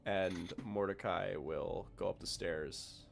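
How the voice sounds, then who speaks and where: A man's voice: low voice, steady tone, takes it slowly, gravelly. A man narrating as game master of a tabletop game, rambling and hesitant.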